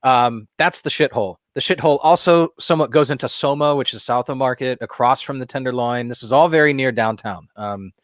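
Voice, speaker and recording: A man's voice: mid-range voice, brisk, few pauses, no room sound, studio quality. A man co-hosting a podcast, telling a long, rambling anecdote in casual chat. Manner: rambling storyteller, many fillers and restarts. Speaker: podcast co-host.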